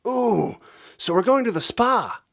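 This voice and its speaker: High-pitched, excitable young girl pony as a male reader puts her on, squealing, rambling, loud. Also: unhurried, husky, exaggerated voice. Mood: excited. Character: hyper, bubbly young female bat pony.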